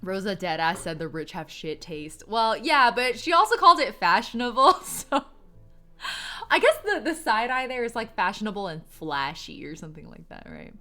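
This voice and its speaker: A woman's voice: medium pitch, expressive, normal speed, bright, forceful tone, soft background music. A young woman streaming a game playthrough, chatting with her viewers and giggling often as she reads aloud. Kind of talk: live game playthrough chat.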